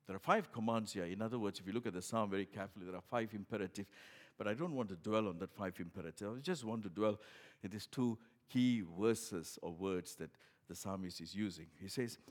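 Impassioned preacher swinging loud and soft. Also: male voice, fairly quick. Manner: swings from loud emphatic bursts to quiet low asides; repeats phrases and restarts with "in other words". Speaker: pastor. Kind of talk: sermon.

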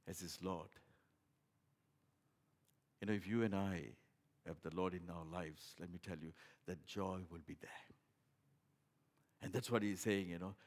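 Impassioned preacher swinging loud and soft. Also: male voice. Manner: swings from loud emphatic bursts to quiet low asides; repeats phrases and restarts with "in other words". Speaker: pastor. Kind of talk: sermon.

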